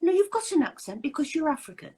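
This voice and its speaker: A woman hosts a casual video chat in a fairly high voice. She talks in a chatty, emphatic way and sounds fed up with what she is describing. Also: very animated, fast, darkish tone, low-quality recording. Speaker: host.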